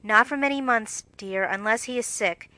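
A cheery, affectionate mother talking to her daughters, read by a woman. Her voice is bright and clear, with a dry, close sound, as in a storybook reading. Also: a little high, normal speed, no room sound. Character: warm cheery mother of four girls.

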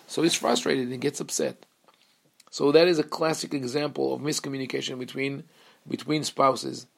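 Gravelly man giving a Torah lesson. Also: medium pitch, steady tone. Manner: earnest, explanatory, with pauses and restarts. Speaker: rabbi.

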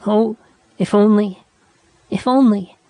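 A man's voice: high-pitched, steady tone, slow pace, mellow, dry recording, pitched above the performer's own voice. A man voicing a frightened young woman who clings and pleads. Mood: tearful. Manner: trembling, pleading.

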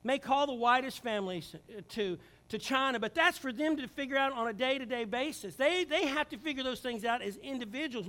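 Man, preacher, high-pitched, bright tone, emphatic then hushed, church sermon. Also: brisk, hardly any pauses. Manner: swings from loud, emphatic preaching to quiet, hushed intimacy. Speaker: pastor. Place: church sanctuary.

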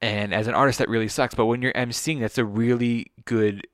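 A man's voice: mid-range voice, steady tone, brisk, smooth, no room sound, clean studio sound. A man in a casual chat, giving blunt advice on hosting comedy shows and swearing freely.

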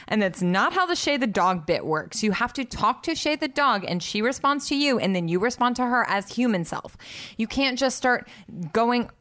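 Exasperated woman co-hosting a chatty podcast. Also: mid-range voice. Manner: animated, exasperated venting. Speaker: podcast co-host. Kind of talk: casual chat.

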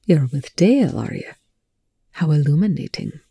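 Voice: medium pitch, expressive, normal speed, dry recording. Rush, a reader voicing a dry sardonic scientist. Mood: dry, hushed. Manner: dry, smooth, hushed hissing. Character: sardonic cool male scientist. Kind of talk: audiobook reading of fan fiction.

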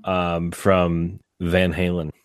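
A man's voice: deep voice, slow, smooth. A man co-hosting a casual podcast, telling a childhood story with lots of laughter. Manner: animated storyteller, laughs through tales. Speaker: podcast co-host. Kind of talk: casual chat.

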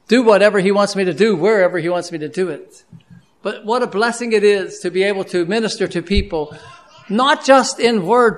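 High-voiced man preaching a homespun sermon. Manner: earnest, conversational preaching with frequent restarts and fillers.

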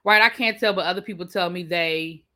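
A woman with a Washington DC accent, chatting casually on a livestream and answering her viewers' comments with drawn-out asides. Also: on the low side, pushed and bright. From Washington DC area. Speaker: livestream host.

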